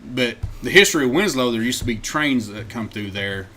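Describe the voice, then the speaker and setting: A man's voice: mid-range voice, brisk, a little hiss or hum. A man, co-hosting a podcast and telling a road-trip story in casual chat, acting out quotes. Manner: animated storyteller, acts out quotes loudly, laughs often. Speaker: podcast co-host.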